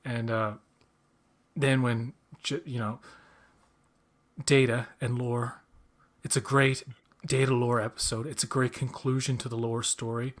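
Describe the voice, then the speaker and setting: A man in mid-range pitch hosts a relaxed chat, talking like an excited fan. He circles back on himself with false starts and fillers, and his sentences run on. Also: a little slow, long pauses. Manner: rambling with many restarts and fillers; enthusiastic fan. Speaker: podcast host. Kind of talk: casual chat.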